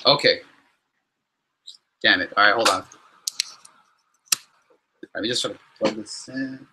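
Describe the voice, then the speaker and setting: A young man hosting a casual question-and-answer vlog, talking in an animated, exasperated way with many restarts and fillers. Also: on the low side, measured pace, a little hiss or hum. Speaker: YouTuber answering fan questions.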